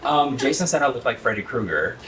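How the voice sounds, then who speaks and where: A man's voice: medium pitch, brisk. A man giving a casual closet tour, chatting and telling stories with frequent laughs. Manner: animated storyteller, laughs often. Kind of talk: casual chat. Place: home closet, echoey room. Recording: roomy, distant, faint noise.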